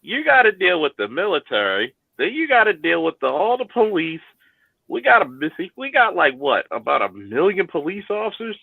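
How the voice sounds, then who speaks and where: A man's voice: high-pitched, huge pitch swings, normal speed, creaky, breathy edge, no room sound, narrow, tinny audio. A man hosting a casual chat, swearing freely, laughing and restarting his sentences. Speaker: host.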